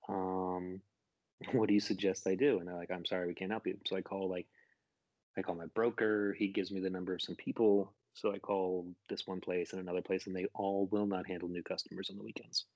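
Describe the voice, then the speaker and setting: Casting: man, lowish voice, dry close sound, rambling conversational storyteller. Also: level tone, fairly quick, a little mellow, no echo, highs cut off. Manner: rambling, laughs while telling a story. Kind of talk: casual storytelling chat.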